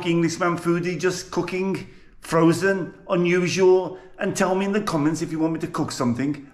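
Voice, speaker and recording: Chatty Brummie man in an echoey kitchen. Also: high voice. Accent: Birmingham. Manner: chatty, jokey, rambling. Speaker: cooking vlogger. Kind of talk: casual cooking vlog. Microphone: GoPro camera. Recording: echoey room.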